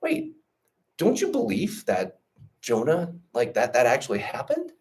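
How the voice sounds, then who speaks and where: A man putting on the voice of an eager young schoolboy in a told story, his pitch leaping higher with excitement. The voice swings widely up and down as the boy gushes. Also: measured pace, recorded from a distance. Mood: incredulous.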